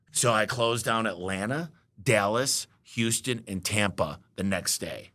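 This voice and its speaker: A man's voice: lowish voice, normal speed, hardly any pauses. A man telling business stories in casual chat, acting out what others said to him. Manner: animated, quotes others in acted voices. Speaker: business owner guest. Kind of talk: casual storytelling.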